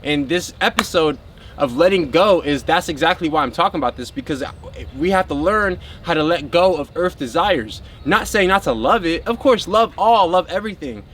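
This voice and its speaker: A man's voice: on the high side, animated, normal speed, fairly bright tone, a little hiss or hum. A man talking casually and spiritually to his viewers in a rambling way, full of filler words. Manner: addresses viewers as a group. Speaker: spiritual vlogger.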